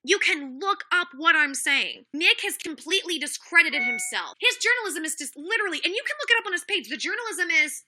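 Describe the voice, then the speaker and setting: A woman with a high, very bright and sharp voice rants on her livestream, indignant and heated. She talks straight to her chat, repeating herself and calling out viewers by name. It sounds like a webcam or phone mic. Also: animated, fairly quick, hardly any pauses. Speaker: livestream host.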